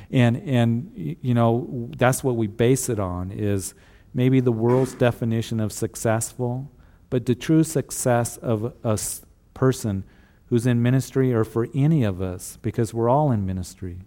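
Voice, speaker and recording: A man's voice: medium pitch, mellow. A man preaching a sermon as a pastor, earnest and repeating rhetorical questions to the congregation.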